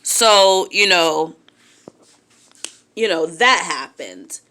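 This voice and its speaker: Speaking very slowly in a lowish voice, a young woman recounts something that happened to her. She keeps it casual and candid, full of animation, and voices other people's lines as she goes.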